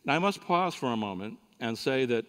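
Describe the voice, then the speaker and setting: A man's voice: mid-range voice, lively intonation, a little fast, fairly bright tone, smooth. A man giving a sermon at a conference, telling a folksy joking story to the audience. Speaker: conference speaker. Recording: reverberant hall recording.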